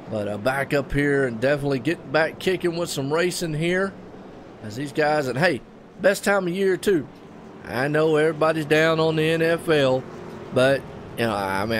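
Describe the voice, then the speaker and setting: Southern guy from NC calling a race live, chatty and excited, voice sits a bit high. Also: slight background noise. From North Carolina. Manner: chatty, excitable, folksy asides to viewers. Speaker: race commentator. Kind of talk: live play-by-play commentary.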